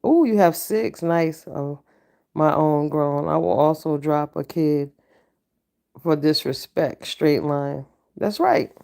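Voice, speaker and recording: A woman's voice: slow pace, creaky. A woman hosting a casual livestream chat, blunt and stern, talking back to her viewers. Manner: blunt, profane and stern, with animated pitch jumps. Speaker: livestream host.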